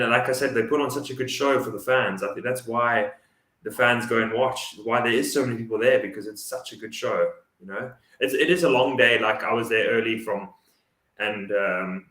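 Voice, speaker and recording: A man's voice: on the low side, a bit bright. Echoey, enthusiastic Dutch-native man. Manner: enthusiastic, repeats words while thinking. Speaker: co-host. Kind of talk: casual chat. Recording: echoey room sound.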